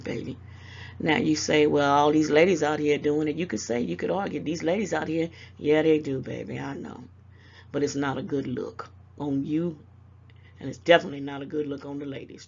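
A woman's voice: sits low, gravelly, a little mellow, breathy edge, lo-fi sound. An older woman with a Southern US accent, speaking to camera and giving motherly, scolding advice, calling people baby. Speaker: YouTube commentator. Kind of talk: casual direct-to-camera advice.

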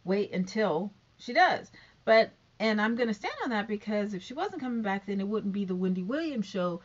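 Animated chatty woman vlogging, lo-fi sound. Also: mid-range voice, normal speed. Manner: rambling, animated, many fillers. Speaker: YouTuber commenting on a talk show. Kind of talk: casual opinion vlog. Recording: dull lo-fi recording.

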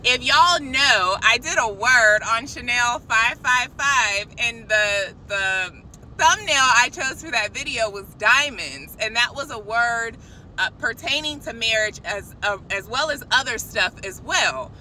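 A woman telling a casual, animated faith testimony, chatting directly to her viewers. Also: on the high side, unhurried, a little hiss or hum, low-quality recording. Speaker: christian vlogger.

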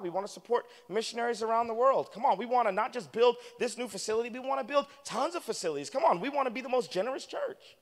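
A man preaching a sermon as a guest preacher in a church, animated and calling for responses from the congregation. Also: very high voice. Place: church sanctuary. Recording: long reverb of a church hall.

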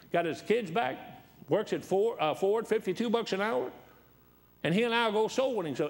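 Folksy preacher, highish voice. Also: male voice, lively intonation, moderate pace. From Detroit. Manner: folksy, rambling anecdotes with repeated restarts. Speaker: guest preacher. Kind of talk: storytelling sermon.

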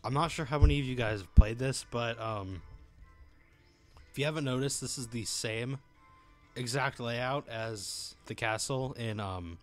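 A man casually commenting while he plays a video game, goofy and excitable, humming along with it. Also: mid-range voice, measured pace, soft background music. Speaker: let's play host.

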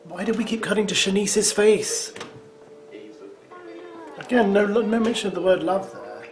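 A man's voice: sits high, unhurried. A man giving teasing, sarcastic running commentary as he reacts to a show. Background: show soundtrack music.

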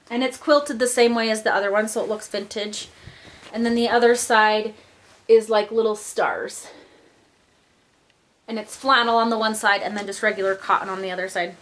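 A woman's voice: fairly high pitch, fairly bright tone. Bubbly young woman vlogging. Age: young adult. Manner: chatty, gushing, lots of filler "like" and "um". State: slightly out of breath. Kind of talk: casual vlog chat.

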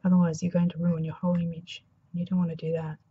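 A woman with an Australian accent, slightly hoarse after a flu, demonstrating a craft project in a soft, mumbling, thinking-aloud way. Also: lowish voice, monotone, fast, dull audio. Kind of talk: casual craft tutorial.

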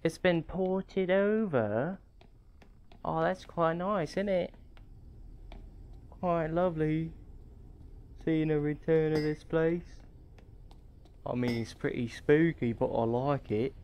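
A man putting on a mock posh British accent as a cheery gentleman admiring an old house in a video game. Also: fairly high pitch, slow pace, long pauses, highs cut off, slight background noise, pitched above the performer's own voice. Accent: put-on British.

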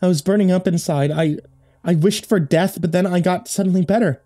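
A man's voice: a little fast, warm tone. A man voicing a frantic teenage girl who survived among the dead, pleading and breathless. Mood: grim. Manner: breathless, pleading, high-pitched cries.

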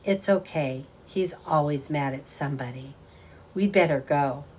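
A woman reading a story aloud and voicing a sad, timid young woman who speaks softly and hesitantly. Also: low voice, unhurried, a little hiss or hum. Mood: sad wistful. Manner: soft, wistful, hesitant.

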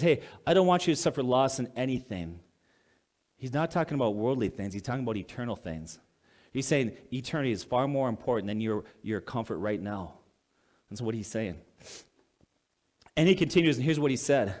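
A pastor preaching a sermon in a conversational way, reading scripture aloud, then explaining it plainly and asking the congregation questions. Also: male voice, medium pitch, animated, brisk, a little mellow.

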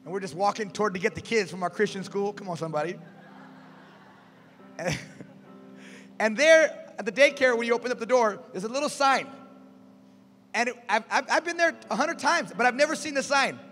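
Bright high-voiced male preacher. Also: a little fast, pauses often. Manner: animated, calls out to the congregation. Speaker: pastor. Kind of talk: sermon. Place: church sanctuary. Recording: reverberant church hall, faint music.

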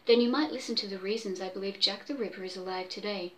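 A woman voicing a secretive British gentleman diplomat in a storybook reading, calm and clipped. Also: a little high, unhurried.

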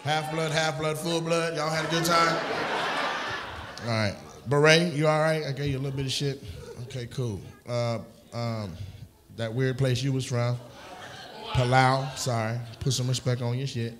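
A male stand-up comedian doing crowd work, loudly teasing audience members and often breaking into shouts and laughter. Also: medium pitch, fairly even intonation, moderate pace. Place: comedy club stage. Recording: echoey club room with audience noise.

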